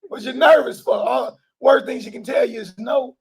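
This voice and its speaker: A man preaching an informal sermon to a live group, talking colloquially and loudly stressing his points. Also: very high-pitched, moderate pace, creaky. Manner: loud emphatic bursts, colloquial, laughs often.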